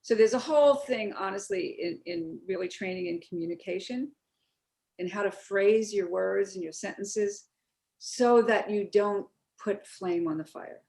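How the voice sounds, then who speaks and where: A woman, a therapist guest on a podcast, talking in a lively storytelling way and acting out bits of dialogue. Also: mid-range voice, measured pace, gravelly. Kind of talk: podcast conversation.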